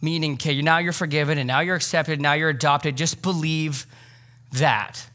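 A man in his thirties preaches a sermon in a church, speaking casually and conversationally, with plenty of filler words. His voice sits a little high for a man. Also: steady tone, normal speed, pushed and bright. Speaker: pastor. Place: church sanctuary.

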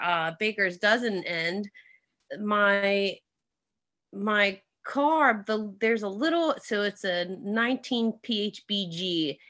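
A woman's voice: medium pitch, sharp tone. A woman in casual chat, telling a long story with lots of fillers, swearing and laughing.

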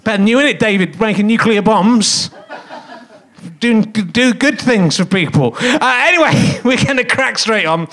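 A man's voice: sits high, lively intonation, moderate pace, fairly bright tone. A man in his fifties hosting a live comedy podcast on a theatre stage, rambling and jokey as he teases the audience. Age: 50s.

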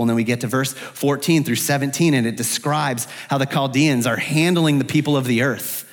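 A man's voice: mid-range voice, normal speed, few pauses. A man preaching an expository sermon in a church, earnest and searching, lifting his voice when he speaks the prophet's prayers aloud. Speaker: pastor. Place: church sanctuary. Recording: long hall reverb.

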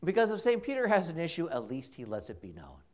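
A man's voice: a little high, huge pitch swings, quick pace, darkish tone. A man preaching a homily in a church, telling the story conversationally and dramatically, with emphatic repetition. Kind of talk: sermon. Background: congregation.

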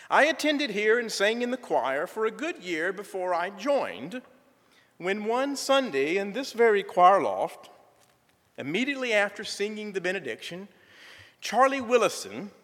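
A middle-aged man, telling a folksy church testimony with gentle humor. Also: high voice. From southern United States. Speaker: church member giving a testimony. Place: church sanctuary. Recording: reverberant church sanctuary.

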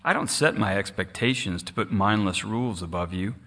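A man voicing a loving shepherd in a storybook, speaking softly and tenderly. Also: on the low side, fairly quick. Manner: soft, tender. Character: gentle, loving male shepherd. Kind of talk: storybook character voice.

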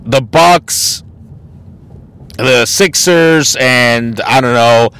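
A man's voice: medium pitch, drawn-out words, a bit bright, smooth. A man hosting a casual solo podcast, ranting bluntly and mockingly with plenty of swearing. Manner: mocking and exasperated. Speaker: podcast host.

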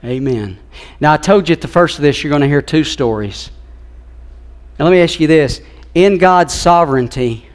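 A middle-aged man preaching from the pulpit, his somewhat high voice carrying an earnest, heartfelt storytelling tone. He moves through a family story toward a point of faith. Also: lively intonation, normal speed. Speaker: pastor. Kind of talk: sermon. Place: church sanctuary.

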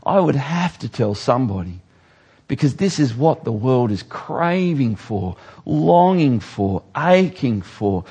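Animated male preacher in church. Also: mid-range voice. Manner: animated preaching, with sudden loud rises and slow, stressed words. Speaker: pastor. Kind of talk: sermon.

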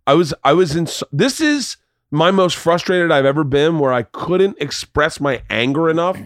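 This podcast host has a mid-range voice, recorded dry and clean in a studio. Chatting casually, he recounts stories, swears freely and voices the people who appear in them.

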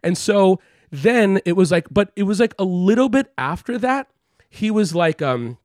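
A man telling a personal story in casual conversation, rambling and swearing, full of "like" and animated quotes. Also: high voice, normal speed, no echo, clean studio sound. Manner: rambling, heavy use of "like" and profanity, animated quoting.

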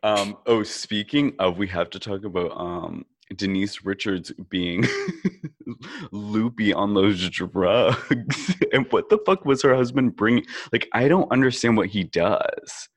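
A man's voice: on the low side, slow pace. A man co-hosting a podcast, chatting loosely about a reality show, laughing often and swearing casually. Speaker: podcast co-host.

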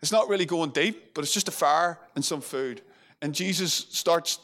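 A man's voice: a little high, normal speed, a bit bright. Chatty preacher man. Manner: conversational, with many fillers and restarts, acting out quotes. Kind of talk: sermon.

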